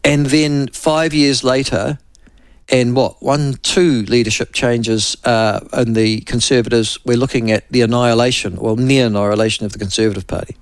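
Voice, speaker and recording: A man's voice: mid-range voice, steady tone, moderate pace, clear, resonant tone, dry recording. Chatty male radio host. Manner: chatty, loose, with many restarts and fillers. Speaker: radio talk show host. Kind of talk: casual radio interview.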